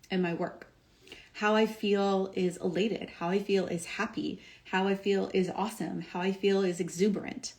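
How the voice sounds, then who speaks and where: A young adult woman, a doctor and wellness coach, talking casually on a livestream, upbeat and emphatic with lots of "like" and "um". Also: medium pitch. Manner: upbeat and emphatic, filler-heavy with frequent "like" and "um". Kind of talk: casual motivational talk on a livestream.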